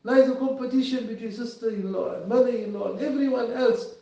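Guy preaching, high voice, mellow tone, echoey far-off lo-fi hall recording. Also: quick pace, vocal fry. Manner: earnest, pleading, rising and falling emotion. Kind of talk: sermon.

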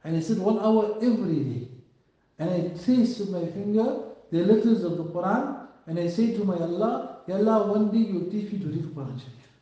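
A man voicing a humble young housemaid who speaks quietly through tears. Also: sits high, brisk, heavy reverb, distant mic, dull audio, natural voice. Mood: tearful.

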